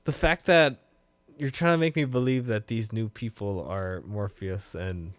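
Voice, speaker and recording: This podcast co-host has a fairly low-pitched voice and a measured pace, recorded without room sound. He's animated in casual conversation, swears a lot and breaks out in loud laughs.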